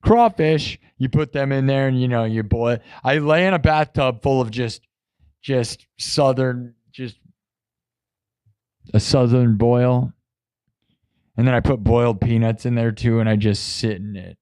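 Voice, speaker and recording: A man's voice: medium pitch, moderate pace, few pauses, darkish tone, clear, resonant tone, no echo. A man hosting a live stream, chatting in a rambling, jokey way and talking straight to his chat. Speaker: live-stream host and musician.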